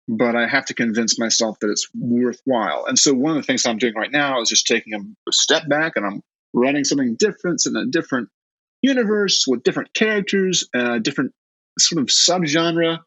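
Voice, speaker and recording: Self-deprecating Southern man, husky and dull. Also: mid-range voice, a bit bright, dry recording. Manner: self-deprecating, halting with many restarts. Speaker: guest author. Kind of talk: casual interview chat.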